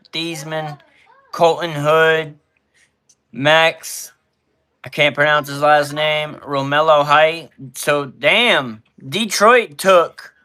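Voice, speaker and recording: A man's voice: on the high side, sharp tone, clear, resonant tone. A man hosting a casual live stream, talking through mock draft picks in an easygoing way while telling his kids what to do.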